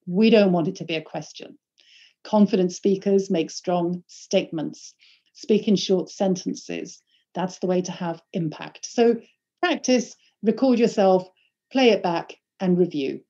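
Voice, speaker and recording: A woman leading an online workshop on presenting, giving instructions in a clear and emphatic way. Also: mid-range voice, unhurried, dark tone, lo-fi sound. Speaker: presentation skills trainer.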